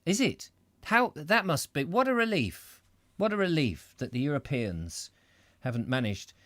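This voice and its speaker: Middle-aged male host, rambling and chatty, very animated pitch, dry close sound. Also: unhurried, dry recording. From Britain. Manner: rambling, self-interrupting, chatty asides. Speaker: reader and host. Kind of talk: live reading with chat comments.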